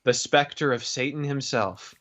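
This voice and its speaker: A man's voice: medium pitch, normal speed, fairly bright tone. A man co-hosting a podcast in casual chat, wry, playful and thoughtful. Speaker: podcast co-host. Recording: dull lo-fi sound.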